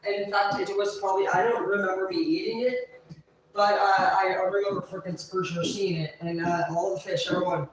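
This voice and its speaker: A woman's voice: lowish voice, a little hiss or hum. A woman livestreaming, talking in a rambling, profane way that keeps trailing off and restarting. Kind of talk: rambling live-stream monologue. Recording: very echoey, voice far from mic.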